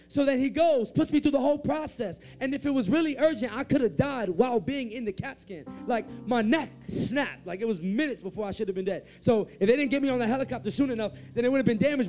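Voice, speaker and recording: A man preaching and telling his testimony as a story, dropping to a hush and then rising loud and animated. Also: very high voice. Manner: swings from hushed to loud and animated. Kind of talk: sermon storytelling.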